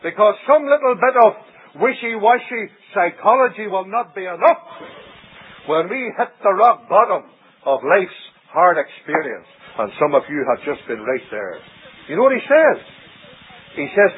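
Husky preacher on tinny old radio. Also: male voice, big pitch swings, normal speed. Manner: dramatic preaching with sweeping pitch swings and sudden drops. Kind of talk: sermon.

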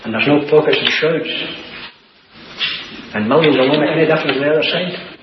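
A man preaching an earnest sermon, repeating key phrases and dropping to a hush for emphasis. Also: a little high, brisk. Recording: muffled, hissy, echoey old recording.

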